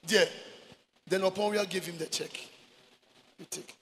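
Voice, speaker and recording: A man preaching a sermon as pastor, mixing Twi and English and shouting for emphasis. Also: sits high, unhurried, pauses often. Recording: echoey hall with faint noise.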